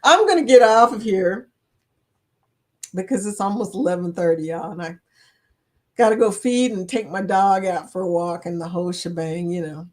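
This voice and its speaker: A woman's voice: mid-range voice, moderate pace. A woman hosting a casual livestream, chatting with her viewers and laughing often. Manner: chatty, laughs often, talks to chat as y'all. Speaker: livestream host.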